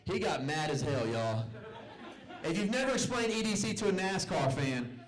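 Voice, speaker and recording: A man's voice: on the high side, very animated, normal speed, a faint crowd, rough recording. A young man doing a stand-up set in a comedy club, telling family stories and acting out his relatives' voices. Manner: Southern-tinged storytelling, acts out family members' voices. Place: comedy club stage with live audience.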